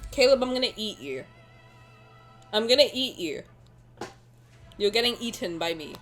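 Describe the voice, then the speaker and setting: A young woman streaming a game, chatting playfully to her viewers, joking and breaking into excited shouts. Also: on the high side, normal speed, soft background music. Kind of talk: casual game stream commentary.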